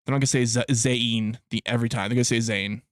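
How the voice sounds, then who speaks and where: A man's voice: medium pitch, fairly even intonation, fast talker, no room sound, clean studio sound. A young adult man chatting casually on a live stream, rambling and swearing, often breaking into laughter. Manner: rambling, profane, laughs a lot.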